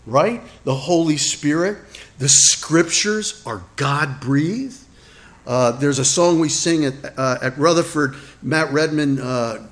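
Slow-paced, chatty male preacher. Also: a little high. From Italian heritage. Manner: conversational, asks the congregation questions, self-deprecating asides. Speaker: pastor. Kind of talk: sermon.

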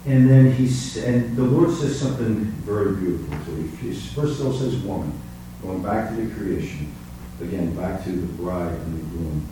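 A male preacher delivering a sermon, with his voice ringing through a very echoey space. He sits back from the microphone, and a faint hum runs underneath. He swings between quiet reflection and soaring emphasis. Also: lively intonation, normal speed. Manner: swings from soft, low musings to high, emphatic preaching. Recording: echoey room, distant mic.

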